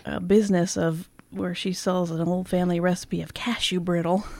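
A woman's voice: fairly low pitch, level tone, normal speed, darkish tone, dry recording. A woman on a radio show, chatting upbeat about local events and performers. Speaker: entertainment guide contributor. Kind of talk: casual radio chat.

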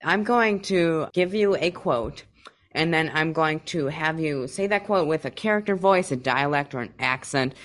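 A man's voice: fairly high pitch, normal speed, a bit bright. A man co-hosting a casual chat, playful and mock-theatrical as he sets up a game. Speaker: co-host.

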